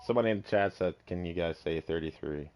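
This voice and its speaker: A man with a very low voice hosts a casual podcast chat. He asks his questions haltingly, full of ums and restarts. His voice comes through dull, lo-fi voice-chat audio. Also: soft background music. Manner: hesitant, many ums and restarts.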